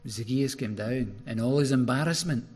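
A man preaching a sermon, retelling a story in an animated way with sudden rises in his voice. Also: mid-range voice, moderate pace, breathy edge.

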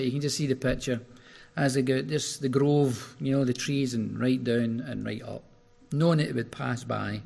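Gravelly-voiced man preaching. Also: medium pitch, moderate pace. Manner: animated storytelling with sudden rises. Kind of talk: sermon.

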